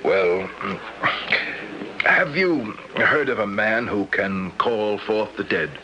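Cast: polite skeptical gentleman, lowish voice, lo-fi old radio recording. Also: lively intonation, a little hiss or hum, heavily acted. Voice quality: polite, measured, slightly formal. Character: sophisticated man from Moscow, curious and skeptical. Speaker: narrator and lead character. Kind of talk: 1970s radio drama acting and narration. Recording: dull lo-fi old radio broadcast.

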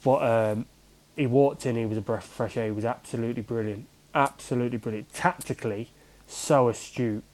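A man of middle pitch, a former goalkeeper, tells stories as a guest in a relaxed interview. His talk rambles and restarts often. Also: fairly quick, poor audio. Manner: rambling, conversational, many restarts and fillers. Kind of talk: casual storytelling in an interview.

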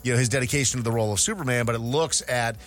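A man's voice: mid-range voice, rapid-fire, fairly bright tone, faint music behind. A male radio host in casual chat, steadily summarizing entertainment news stories.

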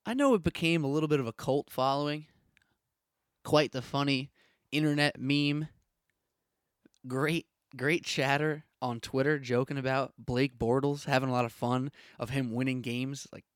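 A man's voice: medium pitch, fairly even intonation, normal speed, no echo, clean studio sound. A young man hosting a solo sports podcast, ranting in a punchy, opinionated way with lots of rhetorical questions.

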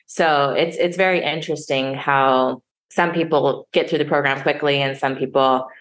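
A woman with a low voice tells a personal story in an interview, speaking frankly and now and then swearing. She acts out what others said to her, her voice jumping up when she quotes them. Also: fairly even intonation, normal speed. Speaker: sommelier guest.

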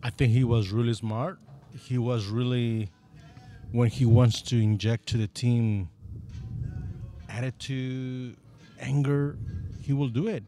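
A man's voice: mid-range voice, fairly even intonation, slow pace, long pauses, dark tone, soft background music. A man appearing as a guest on a podcast, making brief, plainspoken remarks in a casual chat.

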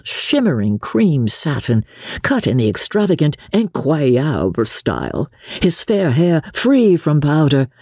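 Woman narrator, expressive audiobook reading, husky voice, very lively pitch, dry close sound. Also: no room sound. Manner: expressive, measured. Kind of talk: scripted narration of a classic novel.

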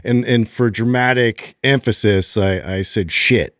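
Low-voiced easygoing male podcast co-host. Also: unhurried, no echo, studio quality. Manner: relaxed, filler-heavy storytelling. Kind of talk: casual chat.

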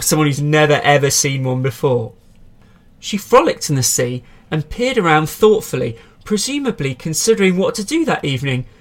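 A man hosting a comedy podcast, reading tabloid articles aloud in a dry, mock-serious way with wry asides. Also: a little high. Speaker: podcast host.

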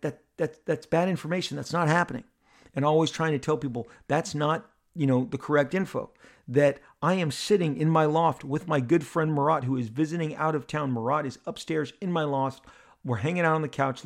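A middle-aged man with a gravelly, creaky edge to his voice tells a personal story as a podcast host. He speaks at an ordinary pitch for a man, animated and halting, often repeating words as he goes.

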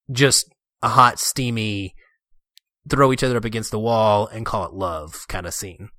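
Earnest, bright-voiced man chatting. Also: medium pitch, dry recording, clean studio sound. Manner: earnest, enthusiastic, many restarts. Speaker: podcast co-host discussing a film. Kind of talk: casual chat.

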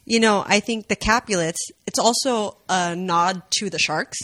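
A woman talking casually on a podcast, animated and opinionated as she discusses a film. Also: medium pitch, moderate pace, a crowd in the background. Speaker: podcast guest.

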